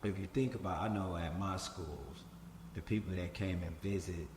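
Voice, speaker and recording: A man's voice: low voice, moderate pace, a little mellow, slight background noise. A man hosting a casual podcast interview who mostly answers with short affirming replies. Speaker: podcast host. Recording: echoey room with long reverb.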